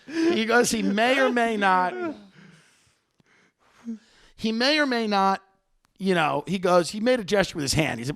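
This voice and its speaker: Brash, gravelly high-voiced man storyteller. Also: moderate pace, long pauses. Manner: brash, profane, animated. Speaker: podcast host. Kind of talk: comic storytelling monologue.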